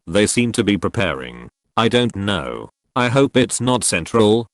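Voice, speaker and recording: A man's voice: fairly low pitch, big pitch swings, a little slow, dry recording. A man doing a reluctant, evasive double agent. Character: heavy, guarded male double agent.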